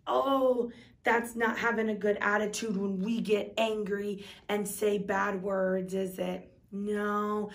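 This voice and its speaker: A woman teaching a preschool Sunday school class, speaking slowly with exaggerated, sing-song emphasis for small children. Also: medium pitch, distant mic.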